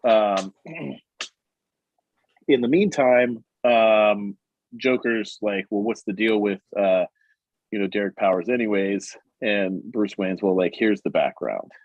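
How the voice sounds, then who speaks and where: A low-voiced man on a podcast, animatedly retelling a comic plot and slipping into the characters' lines. The sound is dry and a little dull and muffled. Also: takes it slowly, dry recording. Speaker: podcast co-host. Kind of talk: casual chat recapping a comic.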